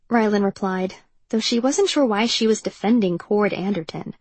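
A woman narrating an audiobook novel in an even, measured storytelling manner. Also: medium pitch, breathy edge, no room sound. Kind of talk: scripted narration.

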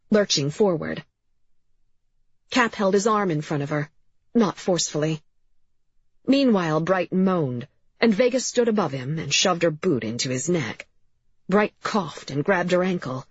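A woman narrating an audiobook in a measured, unhurried reading. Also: low voice, breathy edge, dry recording. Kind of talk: scripted narration. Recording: slightly muffled recording.

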